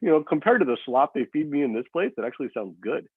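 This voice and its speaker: A man's voice: medium pitch, sing-song, fast talker, slightly rough, no room sound, pitched above the performer's own voice. A man reading a story aloud, voicing a sarcastic, mocking teenage boy who is a hospital patient, over a lo-fi phone-like line. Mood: teasing.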